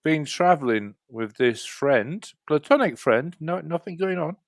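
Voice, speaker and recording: A relaxed man talking in easy slang on a group call. His voice is dry and close, with no room echo at all. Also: a little high, unhurried, creaky. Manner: laid-back, slangy. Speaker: livestream panel guest. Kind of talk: casual chat.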